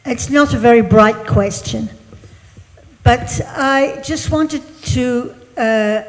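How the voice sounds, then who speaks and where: Woman in the audience, bit high voice, modest question, echoey hall. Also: takes it slowly. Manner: modest, slightly hesitant. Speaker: audience member. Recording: reverberant conference hall.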